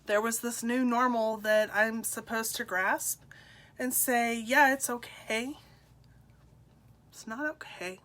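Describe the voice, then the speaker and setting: Mother, middle-aged, personal testimony; bright voice, pitched a bit high, halting and emotional. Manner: emotional, halting, with soft laughs. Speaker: speaker sharing her story.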